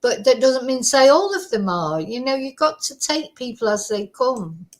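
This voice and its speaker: A woman's voice: on the high side, sing-song, normal speed. A woman, hosting and giving chatty, rambling live commentary. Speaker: host.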